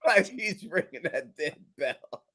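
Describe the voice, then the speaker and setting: A man in a casual TV recap chat whose high voice swings widely up and down. He talks in a loose, profane way and throws himself into reenacting scenes. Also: very animated, slow, sharp tone, slightly rough. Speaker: podcast co-host.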